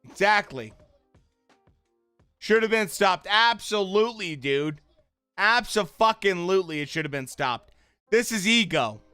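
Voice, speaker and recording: A fired-up young man reacting live on a stream, swearing a lot as he shouts out bursts and then trails off into low mutters. His voice sits a little high and he talks slowly and heavily. Faint music plays behind him. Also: lively intonation, clean tone, no room sound. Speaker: streamer reacting to a boxing fight.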